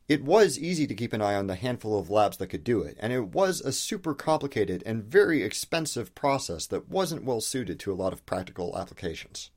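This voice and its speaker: A man hosting an educational video, delivering a scripted explainer with emphatic, rhetorical questions and casual asides. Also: medium pitch. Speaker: host of an educational video channel.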